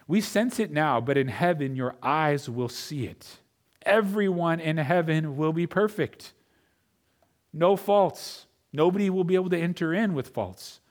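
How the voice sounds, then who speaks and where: A pastor preaching a sermon, speaking straight to his congregation and swinging between quiet, intimate lines and loud, emphatic ones. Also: a little high, animated, unhurried. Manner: addresses the congregation directly.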